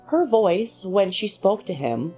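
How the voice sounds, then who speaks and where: A woman narrating a short story in a measured, expressive reading voice. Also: mid-range voice. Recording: faint music underneath.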